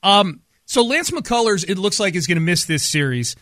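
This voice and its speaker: A man hosting sports talk radio, brisk and analytical, on a studio mic. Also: high-pitched, big pitch swings, fairly bright tone, no room sound.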